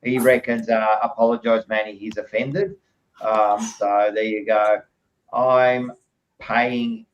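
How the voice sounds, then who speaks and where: A man's voice: fairly low pitch, level tone, takes it slowly. An Australian man hosting a sports podcast in casual chat, blunt and laughing a lot, swearing freely. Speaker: podcast host. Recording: dull lo-fi sound.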